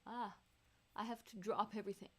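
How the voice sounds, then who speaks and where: A woman's voice: medium pitch, steady tone, fairly quick, a bit bright. A woman singer chatting casually on a live stream, laughing and reading out viewers' messages between songs.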